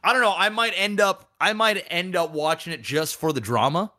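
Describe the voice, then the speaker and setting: A man co-hosting a casual podcast, telling stories with animated swings and profane acted-out quotes. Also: moderate pace. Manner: animated storytelling, acting out quoted people in bursts of pitch, profane. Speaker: podcast co-host.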